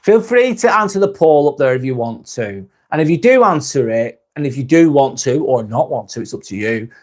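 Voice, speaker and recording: A British man hosting a live stream, chatting with viewers in a calm, relaxed, easygoing way. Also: mid-range voice, a little fast. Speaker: live-stream host reading viewer comments. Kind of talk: casual live-stream chat.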